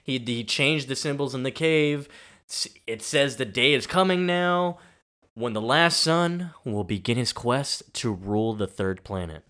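A man's voice: mid-range voice, a little slow, sharp tone. A man co-hosting a casual podcast, joking and saying "dude" a lot as he recaps a TV episode. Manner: laid-back, jokey, says "dude" a lot. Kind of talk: casual chat.

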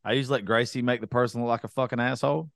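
A man's voice: medium pitch, fairly even intonation, very fast, gravelly, a bit bright, dry recording, clean studio sound. A young man hosting a podcast, talking bluntly in a casual, profane rant. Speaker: podcast host.

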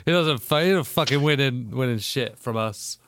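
A man's voice: mid-range voice, moderate pace, fairly bright tone, dry recording, clean studio sound. A man co-hosting a podcast, joking and swearing freely in casual banter. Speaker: podcast co-host.

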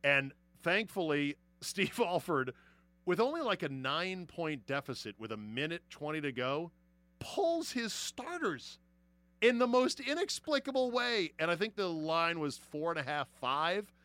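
A man hosting a casual sports chat who tells lively stories, swears freely and laughs often. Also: on the high side, a little slow, no room sound. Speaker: podcast host.

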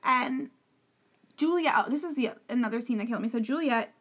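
Opinionated woman with a high voice. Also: fairly quick, fairly bright tone, breathy edge. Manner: opinionated, emphatic, talks over the other host. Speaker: podcast co-host. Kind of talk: casual reality-TV recap chat.

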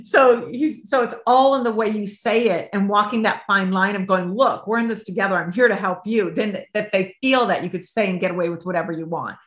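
A middle-aged woman speaks as an interview guest, a life coach sharing a personal story. She brings the dialogue to life, shifting into the voices of the people she describes. Her voice carries a noticeable room echo, at a mid-range pitch. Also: brisk, few pauses. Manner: acts out both sides of remembered dialogue, lively and expressive. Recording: roomy echo.

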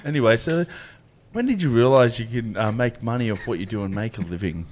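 Lively Australian podcast host, matey banter. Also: male voice, mid-range voice, brisk. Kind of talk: casual podcast chat. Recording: noisy podcast recording.

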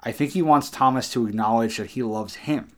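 A man's voice: medium pitch, brisk, fairly bright tone. A man co-hosting a podcast in casual chat, earnestly retelling scenes from a book. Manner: earnest, retells scenes with quoted lines, chuckles. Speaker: podcast co-host.

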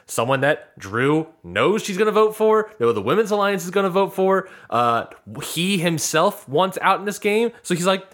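Animated man recapping a reality show. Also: fairly high pitch, normal speed, hardly any pauses. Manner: animated, acts out quotes. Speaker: podcast co-host. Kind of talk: casual recap chat.

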